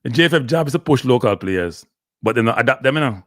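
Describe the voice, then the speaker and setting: A man's voice: medium pitch, animated, quick pace, no room sound, clean studio sound. A man with a Jamaican accent hosting a live show, ranting and scolding in patois. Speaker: host. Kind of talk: heated live commentary.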